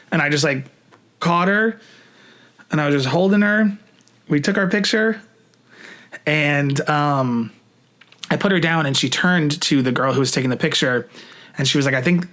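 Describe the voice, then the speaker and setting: A young man vlogging, telling a story in casual talk, swearing freely and acting out what people said. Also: a little high. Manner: animated, swears freely, acts out quoted lines.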